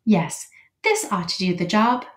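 Woman reading as a calm, polite robot. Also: mid-range voice, moderate pace, lightly acted. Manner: plain, even, formal speech. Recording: echoey room.

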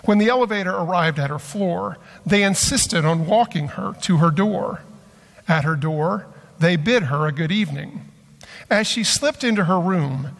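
A high-voiced man delivers a sermon at an unhurried pace, telling a story slowly and deliberately. His voice carries a long church-hall reverb. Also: a bit bright. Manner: slow, measured storytelling delivery. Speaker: pastor. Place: church sanctuary.

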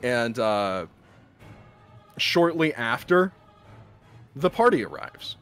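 A man narrating a tabletop game as game master, lively and animated, jumping into loud high voices for the townsfolk. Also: slow pace, clean tone, soft background music.

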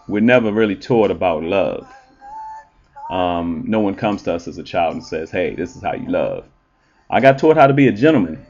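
A man who works as an entertainer and relationship show host, talking in a blunt, profane, animated monologue with frequent ums. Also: fairly low pitch, highs cut off. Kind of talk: casual monologue.

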